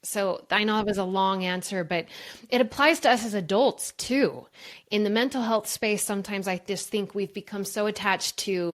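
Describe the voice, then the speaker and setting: A woman's voice: medium pitch, moderate pace. A woman guest on a podcast interview, telling a personal story in an earnest, emphatic way. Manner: earnest, emphatic, addresses listeners as "you guys". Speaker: guest, brain coach.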